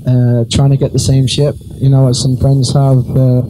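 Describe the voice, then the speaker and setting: A man giving his speech as the groom at his wedding, sincere and halting, with frequent uhs. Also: mid-range voice, monotone, mellow, a little hiss or hum, poor audio. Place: wedding reception room.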